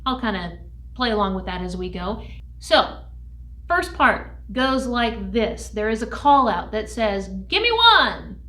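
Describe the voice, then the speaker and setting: A woman music teacher giving an upbeat lesson to young children, speaking slowly and clearly. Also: echoey room, far from the mic. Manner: shouts chant calls in a high voice.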